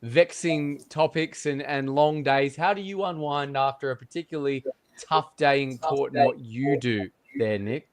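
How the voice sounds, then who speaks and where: A man's voice: mid-range voice, normal speed. A man hosting an interview, friendly and enthusiastic, laughing easily. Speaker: host. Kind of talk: casual interview.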